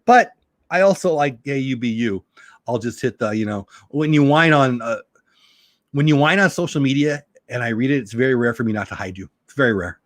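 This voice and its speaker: A middle-aged man talks through a casual live stream in an animated, chatty way, his voice at an everyday middle pitch. He has a slight sore throat. The sound is dry and close, with no room around it. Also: no echo. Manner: animated, chatty, reads chat aloud. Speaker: live show host.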